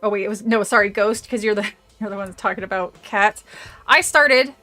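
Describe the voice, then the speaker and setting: A woman's voice: mid-range voice, moderate pace, sharp tone. A woman streamer chatting casually with her audience, rambling, trailing off into asides and laughing often. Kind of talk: casual livestream chat with audience.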